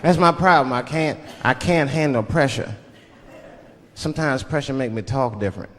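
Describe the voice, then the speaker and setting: A man's voice: medium pitch, moderate pace, a faint crowd. A man from Washington DC doing a stand-up comedy set, telling stories in a loose, profane way. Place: large live theater. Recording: live echoing hall with loud audience.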